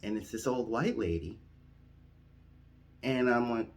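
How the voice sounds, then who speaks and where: A man's voice: medium pitch, slow pace. A man comedian telling a comic story in a casual, rambling way. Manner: casual, rambling, acts out dialogue.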